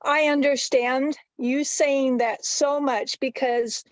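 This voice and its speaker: A woman's voice: high-pitched, fairly even intonation, takes it slowly, hardly any pauses, no room sound, muffled recording. A woman giving an emotional, heartfelt testimonial as a participant on a video-call webinar.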